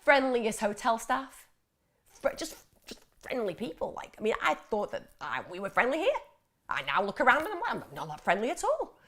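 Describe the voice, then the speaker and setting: A woman's voice: fairly high pitch, normal speed. A woman hosting a live mental health Q&A, chatting casually and reading out viewer questions. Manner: chatty, animated, laughs often, mimics voices. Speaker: host of a mental health Q&A livestream.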